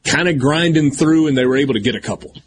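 Chatty sports radio host. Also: male voice, a little high, a little hiss or hum. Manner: chatty, quick asides and restarts. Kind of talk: casual sports radio talk.

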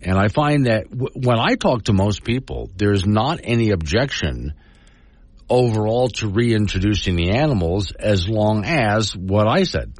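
A talk radio host from Wyoming delivers opinionated commentary in a fairly low, expressive voice at a measured pace, recorded dry. His talk is folksy and argumentative, and he reads news quotes aloud.

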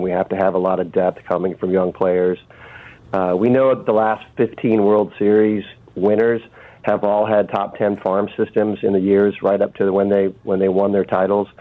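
A man phones in as a radio show guest, his voice sitting low. He speaks haltingly over the line, with many fillers and restarts.

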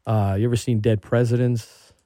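A man hosting a radio show, chatting casually and telling stories with animated excitement. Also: mid-range voice, moderate pace, no echo, studio quality. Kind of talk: casual chat.

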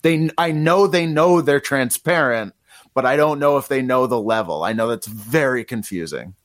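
A man's voice: mid-range voice, normal speed, no echo. Hesitant man discussing a film. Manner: hesitant, self-correcting, stumbling over words. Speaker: podcast co-host.

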